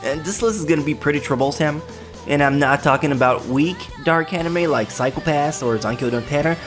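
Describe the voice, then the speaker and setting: A man's voice: fairly high pitch, fairly quick, music in the background. A man with a French accent hosting a countdown list in a cheeky, joking way, with some swearing. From France. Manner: cheeky, swears, teasing jokes. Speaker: anime list host. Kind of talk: scripted countdown commentary.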